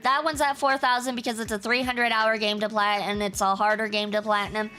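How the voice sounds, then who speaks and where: A woman's voice: fairly high pitch, level tone, a little fast, pushed and bright. A woman streamer chatting casually with her viewers, teasing and self-assured. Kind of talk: casual chat with a live chat.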